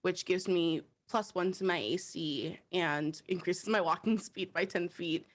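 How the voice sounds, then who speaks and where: A woman's voice: fairly low pitch, a little slow. A woman playing a tabletop game, describing her character casually with lots of fillers. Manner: rambling with many fillers. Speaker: player.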